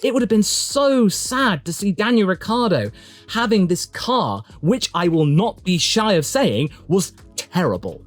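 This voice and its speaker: A man delivering chatty, opinionated solo commentary for an online video, emphatic and swinging his pitch for emphasis. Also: sing-song, unhurried, soft background music. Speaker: motorsport YouTube commentator.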